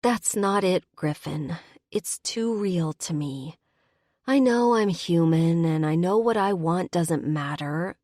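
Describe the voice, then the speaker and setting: A woman's voice: fairly low pitch, slow, darkish tone, dry recording, studio quality. A woman voicing a hurt but hopeful young human heroine, talking in pleading, emotional lines.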